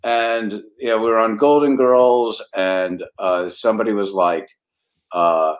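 Speaking in a lowish voice without hurry, an older comedy writer shares anecdotes in a relaxed way. He's an animated storyteller who laughs frequently and performs the quotes.

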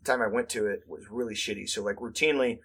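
Husky man telling rowdy school stories. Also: on the low side, fast, a bit bright. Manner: rambling, profane, lots of "like" fillers, acts out quotes. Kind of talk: casual storytelling chat.

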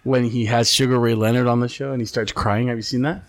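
A man co-hosting a podcast, chatting casually and telling stories in an animated, profane way. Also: mid-range voice, fast, no echo. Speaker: podcast co-host. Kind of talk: casual chat.

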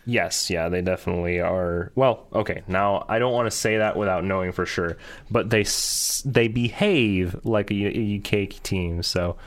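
A man's voice: low voice, moderate pace. A man co-hosting a podcast in casual chat, rambling and laughing often. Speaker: podcast co-host.

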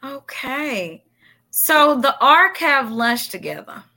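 A woman hosts a relaxed podcast discussion, steering the group with questions. She talks slowly and unhurriedly. Her voice is bright and a little high. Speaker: podcast host. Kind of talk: casual chat.

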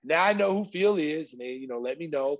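A middle-aged man telling an animated, slangy story as a guest, acting out voices and sometimes shouting. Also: fairly high pitch, fairly quick, muffled recording.

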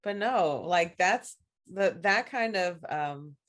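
A woman's voice: on the low side, lively intonation, slow pace, fairly bright tone. Frank, laughing woman in casual chat. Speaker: podcast co-host.

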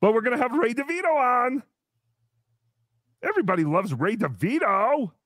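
A man playing a cheery, childish host character in a comedy livestream, talking in a sweet, drawn-out, sing-song way. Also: extremely high pitch, very animated, a bit bright, no room sound, studio quality, full character voice. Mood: bewildered.

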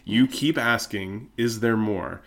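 A man's voice: lowish voice, slow. A man co-hosting a casual podcast chat, telling a story in a playful, joking way. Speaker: podcast co-host.

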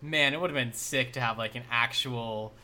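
A man's voice: mid-range voice, moderate pace, pushed and bright. A man co-hosting a casual gaming podcast, rambling and leaning on the word "like" as he talks. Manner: rambling, heavy use of "like". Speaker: podcast co-host.

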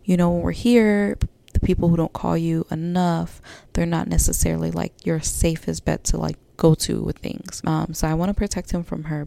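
A woman with a deep, gravelly voice talks through a personal podcast monologue. She rambles candidly, circling back with fillers and restarts. Her tone is dark and mellow. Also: dry recording. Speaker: podcast host.

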